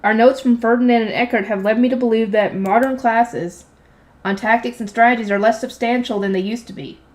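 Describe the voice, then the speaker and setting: A young woman reads a light novel aloud in a slightly high, steady, a little mellow voice at a fairly quick pace. She voices the characters lightly and breaks off for offhand, slangy commentary.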